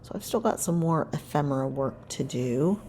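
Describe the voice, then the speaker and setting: A woman casually narrates her scrapbook work, wandering off topic and fixing her own words as she goes in a relaxed way. She speaks at normal speed in a low-pitched voice, with slight background noise.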